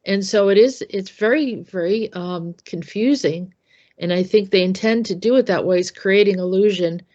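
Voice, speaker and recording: A woman's voice: medium pitch, normal speed, a little mellow, muffled recording. A woman hosting a discussion, talking in a casual, conversational, hesitant way. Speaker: host.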